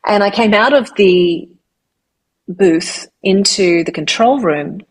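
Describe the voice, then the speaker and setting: Woman, Australian accent, middle-aged, slightly husky, animated storyteller, interview guest. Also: medium pitch, slow. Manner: animated, lively retelling of anecdotes. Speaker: guest, voiceover artist and singer-songwriter.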